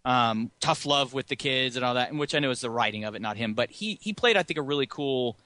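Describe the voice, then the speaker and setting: Bright-voiced man, casual podcast chat. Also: mid-range voice, fast talker. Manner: rambling, chuckles often. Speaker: podcast co-host.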